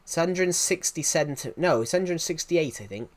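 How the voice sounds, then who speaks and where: On a casual live stream, an animated Englishman with a Southwest accent and a slightly high voice talks at a normal speed. He meanders, restarts often, and responds to the chat.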